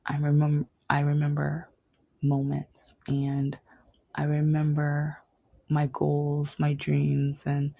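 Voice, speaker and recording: A woman's voice: sits low, monotone, takes it slowly, gravelly, warm tone, dry recording, highs cut off. A young woman telling a personal story, rambling with restarts and dropping to a whisper at tender moments. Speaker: vlogger.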